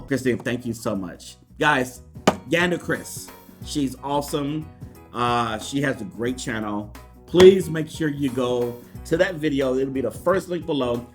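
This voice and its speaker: Hyped guy unboxing a gift on his vlog, voice jumps all over, laughs a lot, soft music under it. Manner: animated, laughs often, pitch jumps high with excitement. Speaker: YouTube vlogger. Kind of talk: excited casual unboxing vlog.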